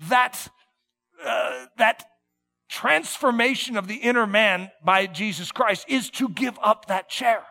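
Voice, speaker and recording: A male preacher delivering a sermon with a high, bright voice and a gravelly edge. He talks earnestly to his congregation, dropping low and gentle, then pressing hard on key points. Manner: earnest, swinging between soft and emphatic.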